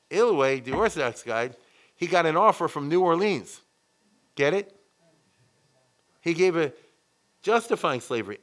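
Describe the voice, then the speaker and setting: Animated rabbi giving a history lecture. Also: male voice, on the high side. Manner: animated, frequent check-ins with the audience. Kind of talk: lively conversational history lecture.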